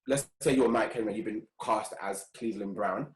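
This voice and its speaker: Relaxed man in a roomy space. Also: lowish voice, moderate pace. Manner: relaxed, slangy, laughs easily. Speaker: podcast co-host. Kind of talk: casual chat. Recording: roomy echo.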